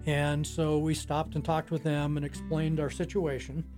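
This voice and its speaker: An older man in his sixties tells his story with a slightly high voice that stays on a flat, level line. He talks in a plain, unhurried way with frequent pauses, while a faint guitar plays softly in the background. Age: 60s. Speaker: skier telling his rescue story. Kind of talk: recounting a personal story in an interview.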